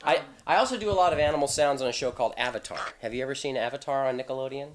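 A man's voice: medium pitch, rapid-fire. A middle-aged man, a voice actor, chatting in an interview in a playful, joking way. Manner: playful, joking, breaks into laughs. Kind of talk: casual interview chat.

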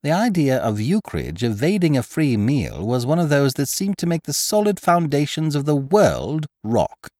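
A man narrating a classic story in a measured, wry storytelling manner, close to the mic. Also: fairly high pitch, sing-song, a little mellow, no room sound. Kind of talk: audiobook reading of a classic story.

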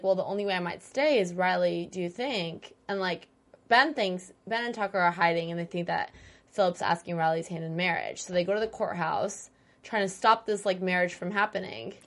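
A woman's voice: fairly low pitch, moderate pace. A woman in casual chat about a sitcom episode, agreeable and laughing often, with many fillers like "like". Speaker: podcast co-host.

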